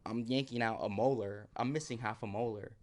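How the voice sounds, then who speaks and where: A man of average pitch recounts a dramatic fall in relaxed podcast chat. He slips into the voices of his own past self and drops low and quiet when the story gets tense. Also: a little fast. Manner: vivid, acts out his own quotes, drops to near whisper. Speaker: podcast guest. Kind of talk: casual storytelling.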